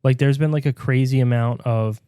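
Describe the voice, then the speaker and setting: A man's voice: medium pitch, steady tone, brisk, warm tone, clean tone, no echo, clean studio sound. A man co-hosting a casual comedy podcast from a bedroom, rambling through crude, jokey banter. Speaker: podcast co-host.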